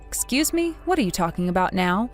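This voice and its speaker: A tired grown daughter, voiced by a woman, speaks bluntly and coldly, her pitch moving a lot. She sounds firm and done with her family's demands. Faint music plays underneath. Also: sing-song, brisk, lightly acted. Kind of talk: text-story voice acting.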